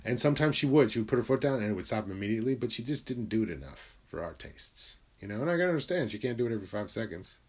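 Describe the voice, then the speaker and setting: A young man from Connecticut talking candidly about his life in a blunt, confessional way. He swears freely and sometimes drops into quiet, low asides. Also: very animated, rapid-fire, hardly any pauses, husky. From Connecticut, USA. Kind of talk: candid personal monologue.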